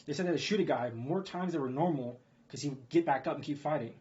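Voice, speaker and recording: A man's voice: a little high, quick pace, a little mellow, dull audio. A man ranting about the news, swearing freely and asking rhetorical questions as he repeats his points. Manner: profane, repetitive, rhetorical "guess what" questions. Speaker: video blogger.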